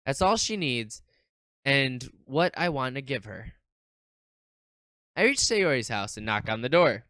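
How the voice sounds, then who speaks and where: A streamer casually commenting and reading game text aloud, animated, swearing and nervously laughing. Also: mid-range voice, a little slow, no room sound.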